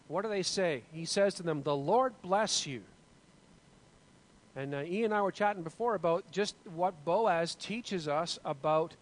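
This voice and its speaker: A man's voice: high-pitched, poor audio. A man leading a group Bible study discussion, talking in an earnest, musing way with many restarts.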